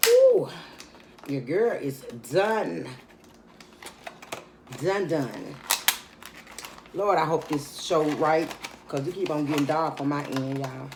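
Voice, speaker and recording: A woman's voice: sits low, slow pace, pauses often, background noise. A tired woman chatting casually to her viewers in a mukbang vlog while she eats. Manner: chatty, laid-back, talks straight to viewers. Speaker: mukbang vlogger.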